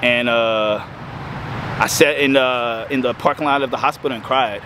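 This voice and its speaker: A man in his thirties telling his recovery story emotionally, halting and choking up, with frequent restarts. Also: mid-range voice, steady tone. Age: 30s. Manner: halting, choked up, breaks off with restarts. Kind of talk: emotional personal testimony. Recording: outdoor street noise with passing cars.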